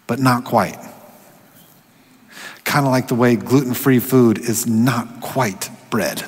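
A man preaching a sermon in a conversational way, slowing for emphasis and dropping to a hush at times. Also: mid-range voice, husky. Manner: conversational, drops to hushed whispers for quoted voices. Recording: echoey hall with long reverb.

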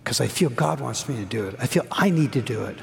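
A middle-aged man preaching a sermon, telling a story earnestly, rising high and dropping to a hush. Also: animated, quick pace, gravelly. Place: church hall. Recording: long hall reverb.

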